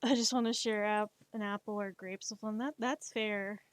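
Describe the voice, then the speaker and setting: A woman's voice: mid-range voice, fairly even intonation, moderate pace, no room sound. A woman streamer and artist chatting casually on a live stream, playfully scolding her cat between topics.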